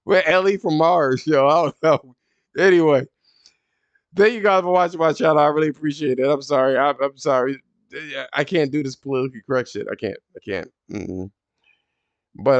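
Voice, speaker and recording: A man hosting a casual podcast, telling stories in an animated, profane way and jumping high when he quotes people. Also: clean tone, no room sound, highs cut off. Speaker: podcast host.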